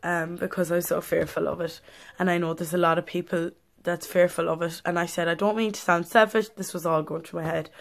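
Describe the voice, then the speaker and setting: A woman's voice: on the low side, monotone, brisk, creaky. A woman chatting in a casual vlog, telling a story in a rambling, breathless way with many fillers. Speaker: vlogger.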